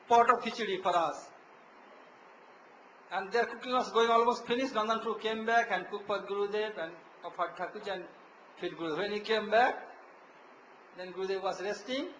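A man's voice: high-pitched, pushed and bright, slight background noise. An older man, a monk telling devotional stories about his guru, laughing often and acting out the voices he quotes. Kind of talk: devotional storytelling talk. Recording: echoey room.

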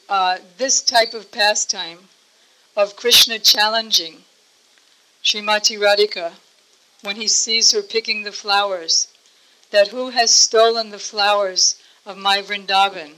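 A woman religious teacher giving a devotional storytelling talk, gentle and explanatory. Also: medium pitch, rough recording.

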